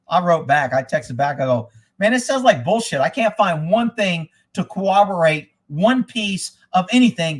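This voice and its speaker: Male livestream host, slightly raised pitch, swears freely, rambles from one topic to the next. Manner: profane, rambling, blunt. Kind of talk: casual rambling livestream talk. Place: indoors at a rural home.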